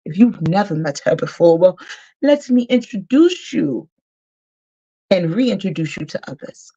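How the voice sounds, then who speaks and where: A woman's voice: on the low side, sing-song, a little slow, muffled recording. A woman hosting a casual live stream, hyping up her guest and repeating her points for emphasis. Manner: hype, warm-up, repeats herself for emphasis. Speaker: host.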